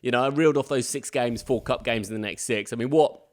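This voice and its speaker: Wry podcast co-host, teasing. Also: male voice, medium pitch, fast, darkish tone. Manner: wry, teasing devil's advocate. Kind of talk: casual sports podcast chat.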